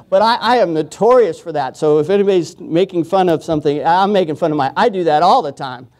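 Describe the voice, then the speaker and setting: A man's voice: on the high side, a little fast, a little mellow. A man preaching a sermon as pastor, in a casual, joking way, often chuckling and acting out quoted voices. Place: church.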